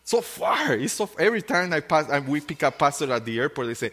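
Earnest preaching man with halting restarts. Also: medium pitch, fairly bright tone, long reverb tail. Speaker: pastor. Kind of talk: sermon.

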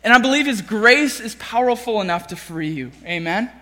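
A man's voice: high voice, animated, normal speed, sharp tone. A man preaching a sermon as pastor. He talks in a conversational way, with many restarts and questions like "right?". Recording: long reverb of a large hall.

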